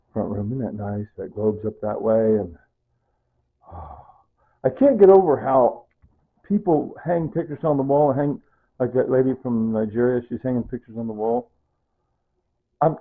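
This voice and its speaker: A middle-aged man from Kansas chatting casually in a home cooking vlog, rambling into asides and asking "right?" and "see?" as he goes. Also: medium pitch. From Kansas, USA. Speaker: vlogger. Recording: tinny phone-like sound.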